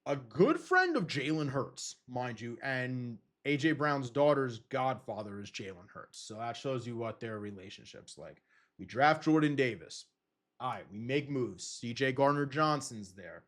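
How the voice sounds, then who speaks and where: A young man hosting a podcast, rambling through casual sports talk in an excitable way and swearing freely. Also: mid-range voice, a little slow. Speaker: podcast host.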